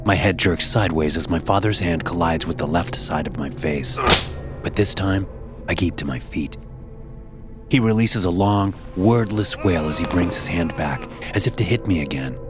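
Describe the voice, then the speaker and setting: A man with an extremely deep, low voice reads a first-person horror story in a hushed, somber manner. Clear music plays behind him. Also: moderate pace. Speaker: narrator.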